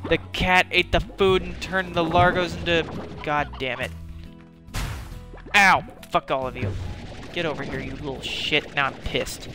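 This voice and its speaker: A man's voice: on the high side, flat delivery, normal speed, over music. A man streaming a game, cursing and muttering to himself as he plays. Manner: frustrated, swearing, muttering to himself; panicked, shouting. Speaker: gaming streamer. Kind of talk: live gameplay commentary.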